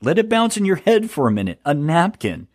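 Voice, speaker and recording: A man's voice: high voice, very animated, fast, darkish tone, breathy edge, no room sound. Man, podcast host, sarcastic, rambling, stammering, dry close mic. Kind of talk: solo podcast monologue.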